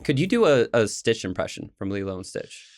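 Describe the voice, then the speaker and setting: A man's voice: lowish voice, sing-song, fairly quick, over loud music. A man hosting a podcast in casual chat with friends, laughing often. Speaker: podcast host.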